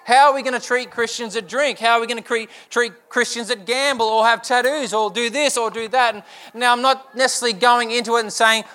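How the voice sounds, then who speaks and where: Bright-voiced young pastor preaching. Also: male voice, very high voice, fast. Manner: earnest, rhetorical repeated questions. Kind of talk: sermon.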